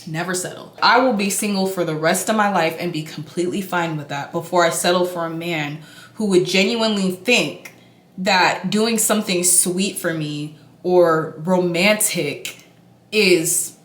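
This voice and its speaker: A woman's voice: on the low side, a little slow. A young woman in a get-ready-with-me vlog, chatting casually while she does her makeup. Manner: chatty and animated, talking while doing makeup. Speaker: beauty vlogger. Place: indoor room, hotel. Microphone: camera mic. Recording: echoey room.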